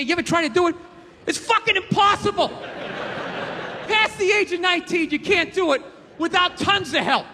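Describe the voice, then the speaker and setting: A man's voice: very high voice, pushed and bright. A man in his fifties doing stand-up comedy on a live stage, telling stories in a profane, ranting way. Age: 50s. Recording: echoey hall with faint noise.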